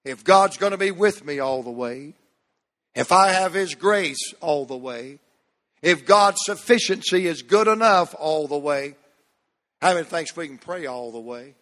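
Man, pastor, sermon, high pitch, long hall echo, emphatic drawn-out phrase endings. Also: expressive, fairly bright tone. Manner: emphatic preaching with drawn-out, dropping phrase ends. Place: church sanctuary.

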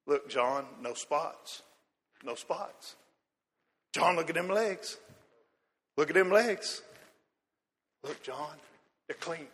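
A man voicing an elderly male priest, a fond proud father, speaking in a hushed, marveling way. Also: on the high side, slow, pauses often, husky, exaggerated voice. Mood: hushed wonder. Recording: long hall reverb.

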